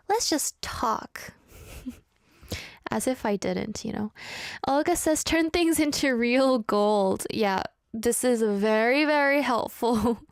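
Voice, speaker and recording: A woman's voice: fairly high pitch, no echo. A woman radio host chatting casually and reading out listener messages, playful and self-mocking. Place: radio studio.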